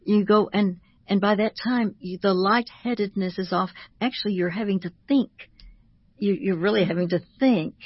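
A woman who is a Christian author, speaking as a guest on a radio talk show in a measured, teaching manner and slowing down to stress each word. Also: mid-range voice, breathy edge, no echo, lo-fi sound.

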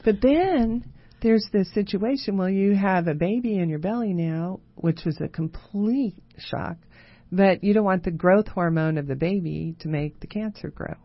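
A woman guest telling her life story in a relaxed chat, laughing often and restarting her sentences. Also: mid-range voice, measured pace, no echo, dull audio. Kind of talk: casual chat.

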